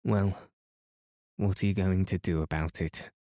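A man voicing a sulky, scheming teenage schoolgirl who pleads and sulks, in a slow storybook reading. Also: low-pitched, fairly even intonation, dark tone, no echo, studio quality. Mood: sullen pleading. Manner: pleading and sullen.

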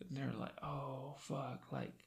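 Gravelly young man telling stories. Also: medium pitch, flat delivery, unhurried. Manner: profane, says "dude" constantly. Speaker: podcast host. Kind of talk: casual storytelling chat.

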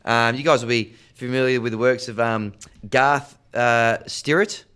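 A man's voice: medium pitch, fairly even intonation, unhurried, fairly bright tone, smooth. A man hosting a cricket podcast, talking in a laid-back way with lots of fillers. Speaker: podcast host. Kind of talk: casual banter.

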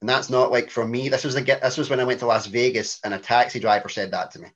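A man's voice: mid-range voice, fairly even intonation, quick pace, fairly bright tone, highs cut off. A Glaswegian man in his thirties, a podcast guest telling rambling, self-mocking stories in casual chat. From Scotland.

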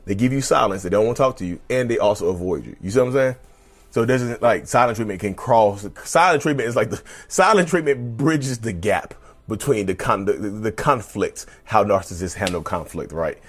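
Husky-voiced man hosting a podcast. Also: fairly low pitch, a little fast. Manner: emphatic and repetitive, addresses listeners as y'all. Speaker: podcast host. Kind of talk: casual podcast monologue.

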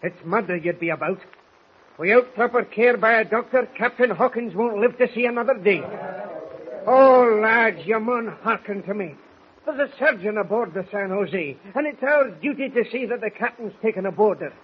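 A man's voice: sits high, moderate pace, lightly acted. An actor playing an older, stubborn Scottish sailor loyal to his captain, pleading earnestly in a 1940s radio drama, on a lo-fi old transcription with hiss.

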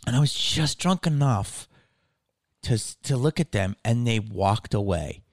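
Animated, swearing man telling a story. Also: medium pitch, measured pace. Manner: animated, swears freely, says "dude" often. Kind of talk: casual chat, storytelling.

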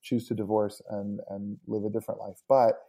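A man's voice: on the low side, level tone, fairly quick, warm tone. A middle-aged man, a worship leader and podcast guest, talking earnestly and enthusiastically in casual interview chat.

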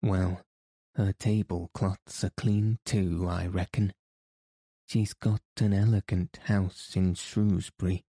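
A man's voice: deep voice, warm tone, no room sound, full character voice. A man reading the part of a blunt, nagging woman housekeeper who scolds in an audiobook.

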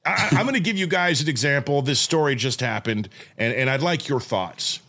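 A co-host in his forties telling a family story with plenty of energy. His pitch swoops up and down as he acts out the other people in the tale. The delivery is loose and conversational, full of restarts. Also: lively intonation, moderate pace, fairly bright tone. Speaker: podcast co-host. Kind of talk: casual chat, storytelling.

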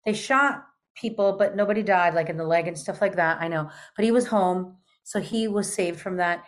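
A woman in her fifties, telling a personal story in a chatty, animated way with frequent casual fillers. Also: fairly low pitch, normal speed. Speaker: guest. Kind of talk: storytelling in conversation.

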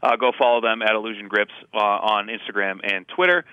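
A man's voice: on the low side, a little fast, pushed and bright, smooth, highs cut off. A man co-hosting a podcast in casual chat, eager and talkative, filling his sentences with "like.". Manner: eager, chatty, many "like" fillers. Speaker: podcast co-host.

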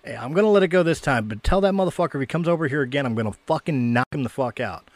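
A man's voice: medium pitch, expressive, rapid-fire, no room sound, close to an everyday voice. A man playing an angry, foul-mouthed man at a bar who makes threats in a joke. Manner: threatening, cursing.

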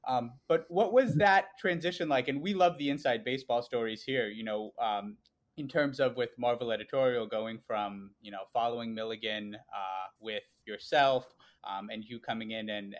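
A man co-hosting a podcast, asking a long, rambling question full of fillers. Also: lowish voice. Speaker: podcast co-host. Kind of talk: casual interview questions.

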